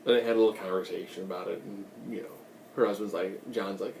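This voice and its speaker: A man's voice: low-pitched, fairly even intonation, fast, creaky, darkish tone, echoey room, far from the mic, slight background noise. A man giving a casual, rambling recap of a TV episode, with joking asides. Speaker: recap host.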